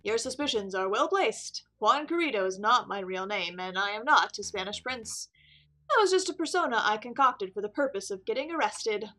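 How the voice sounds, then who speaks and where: A woman's voice: mid-range voice, animated, normal speed, pushed and bright. A woman voicing a suave man who poses as a prince, telling his story in a theatrical way. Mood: storytelling. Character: suave male French con artist prince.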